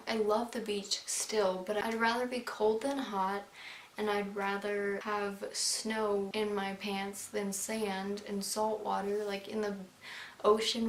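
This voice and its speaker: Chatty young woman in roomy sound. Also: medium pitch. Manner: chatty, bubbly, fills with "like". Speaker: beauty vlogger. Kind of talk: casual chat to camera. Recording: roomy with faint hiss.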